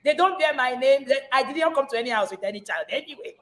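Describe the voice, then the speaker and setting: A woman with a fairly high voice hosts a parenting podcast. She speaks like a preacher, passionate and pointed, and breaks into emphatic bursts. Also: expressive, fast. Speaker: podcast host.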